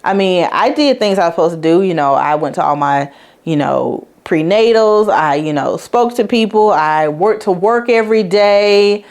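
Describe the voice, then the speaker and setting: Low-voiced woman telling her story frankly. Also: lively intonation, normal speed, darkish tone. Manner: frank and chatty, addresses listeners directly. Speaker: podcast host. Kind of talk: candid personal storytelling.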